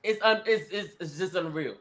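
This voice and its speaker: This male talk show host's voice sits high and moves at normal speed. He gives emphatic opinions, enacts small scenes, and speaks to his audience as ladies and gentlemen.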